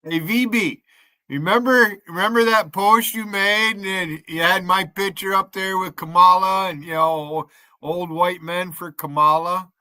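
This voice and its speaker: High-voiced man in his fifties, taunting. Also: fairly even intonation, a little slow, pushed and bright, no echo. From United States. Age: 50s. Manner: profane, taunting, calling out rivals. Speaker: livestreamer. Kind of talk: live stream rant.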